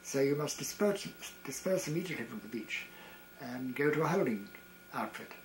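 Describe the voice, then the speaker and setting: A man in his eighties, a retired variety performer, reminiscing about wartime in a halting way, with frequent restarts and chuckles. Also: mid-range voice, lively intonation, a little hiss or hum, low-quality recording. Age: 80s. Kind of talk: reminiscing storytelling.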